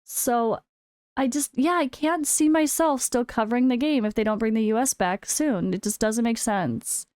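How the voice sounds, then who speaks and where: An American woman with a fairly high, smooth, clear voice chats candidly to camera in a casual vlog. She speaks frankly and drops wry, sarcastic asides. The sound is dry and close, with no room echo. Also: normal speed, darkish tone. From United States. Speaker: full-time gaming content creator. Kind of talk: casual chat.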